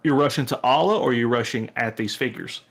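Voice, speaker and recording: This game master's voice is medium-pitched and creaky, moving a little fast. He runs the tabletop game by describing scenes in a relaxed, wandering way heavy with fillers.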